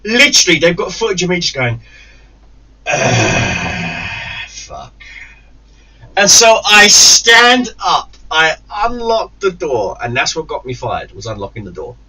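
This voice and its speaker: A man's voice: high-pitched, normal speed, few pauses. A man casually telling a long, profane story to his channel, acting out the people in it. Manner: profane, animated anecdote-telling with acted-out quotes. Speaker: gaming YouTuber. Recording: slightly distant, dull lo-fi sound.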